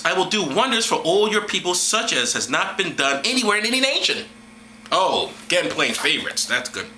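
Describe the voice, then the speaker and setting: A high-pitched, very bright male voice swings wildly up and down as he reads scripture aloud. He keeps breaking off into crude, mocking sarcasm. The room around him is echoey. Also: slight background noise. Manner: mocking, profane, exaggerated sarcastic asides. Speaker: vlogger. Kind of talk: sarcastic scripture reading with commentary.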